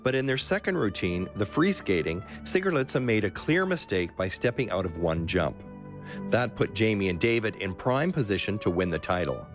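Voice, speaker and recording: Male radio documentary host and narrator, low-pitched, faint music underneath. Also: sing-song, moderate pace. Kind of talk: scripted documentary narration and interviewing.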